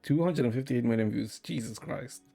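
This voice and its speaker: A man streaming and chatting casually with a deadpan manner, swearing often. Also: mid-range voice, normal speed, gravelly, soft background music.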